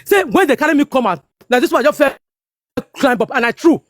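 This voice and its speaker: Nigerian lady in her 50s, high-pitched, rattles on fast, dry close sound. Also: animated, no room sound. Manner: emphatic, repetitive, keeps asking "you understand me?". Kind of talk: heated casual talk in Pidgin-laced English.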